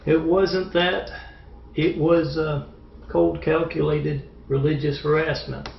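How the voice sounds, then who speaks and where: A man's voice: a little high, flat delivery, slow, gravelly. A man delivering a rambling, repetitive ranting monologue on a home video, with frequent hesitations. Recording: roomy dull lo-fi recording with faint noise.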